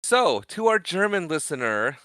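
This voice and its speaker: A man's voice: on the high side, big pitch swings, normal speed, bright, forceful tone, no echo. A man co-hosting a podcast, recapping a film in casual, jokey chat. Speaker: podcast co-host.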